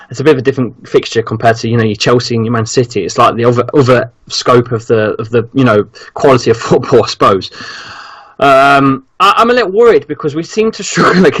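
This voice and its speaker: A man's voice: medium pitch, fairly bright tone. Rambling man hosting a football podcast. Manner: rambling, hesitant, with ums and restarts. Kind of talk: casual chat.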